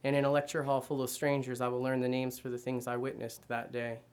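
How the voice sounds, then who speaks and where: A man reads his own literary fiction aloud in the first person. His delivery is measured and even, with very little rise and fall in his middle-pitched voice. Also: clean tone. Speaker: reader.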